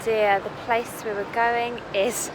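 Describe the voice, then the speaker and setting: A young woman chatting casually to her phone camera as she vlogs, playful and quick to laugh. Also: on the high side, level tone. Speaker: vlogger. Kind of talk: casual vlog chat. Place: outdoors on busy city streets and in a café. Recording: phone recording with street noise. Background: street and traffic noise.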